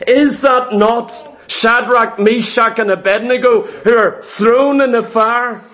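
A male preacher with a notably high voice delivers an emphatic sermon. He drives his points home with repetition and asks one rhetorical question after another. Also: fairly even intonation, takes it slowly, fairly bright tone.

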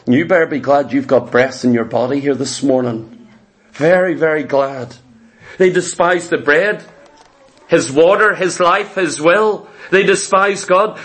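A man's voice: high-pitched, a bit bright. A man preaching a sermon with an emphatic, repetitive cadence.

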